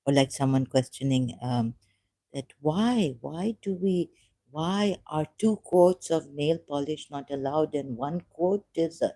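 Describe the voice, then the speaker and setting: Speaking on a live stream, this woman sits low in pitch and sounds mellow. Her Sindhi Khoja-accented talk is rambling and halting, with frequent pauses to find words and slides into Hindi-Urdu.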